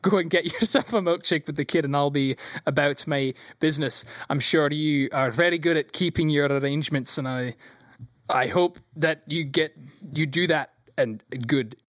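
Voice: medium pitch, moderate pace, no room sound, lightly acted. Brief: GM doing a Scottish dragonborn man in a suit, nervous and curt, tabletop game, dry mic. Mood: flustered. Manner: flustered, dismissive.

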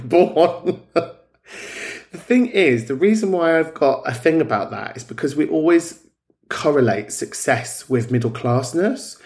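A man's voice: medium pitch, darkish tone. Sweary chatty man hosting. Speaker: podcast host. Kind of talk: casual chat.

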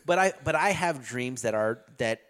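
A man's voice: mid-range voice, lively intonation, normal speed, a bit bright. A middle-aged man in a casual chat, telling a long story loosely, with lots of fillers and swearing.

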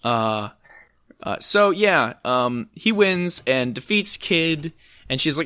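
A man's voice: fairly high pitch, animated, slow pace, pushed and bright, clear, resonant tone, no echo. Sarcastic rambling man, dry sound. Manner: sarcastic, rambling, lots of fillers. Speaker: podcast co-host. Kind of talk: casual chat reviewing a movie. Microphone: close to the mic.

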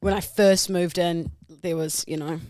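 An Australian woman in her late twenties co-hosting a podcast, playful and animated in casual banter. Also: on the low side, unhurried, no echo, studio quality. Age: 20s. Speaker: podcast co-host.

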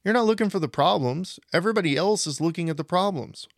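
Forties guy on a podcast, lively storyteller, dry close mic. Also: high voice, fast, creaky, no echo. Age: 40s. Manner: animated storytelling, acts out quoted people. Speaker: podcast co-host. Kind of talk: casual podcast chat.

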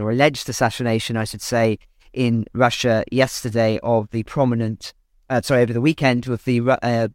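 A man's voice: medium pitch, dry recording. Man co-presenter for news analysis, hesitant, lots of self-corrections, dry close sound. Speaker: podcast co-presenter.

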